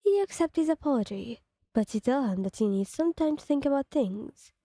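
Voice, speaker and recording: A woman narrating a second-person fan story in a plain, steady read-aloud manner. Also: high voice, a little fast, no echo, studio quality.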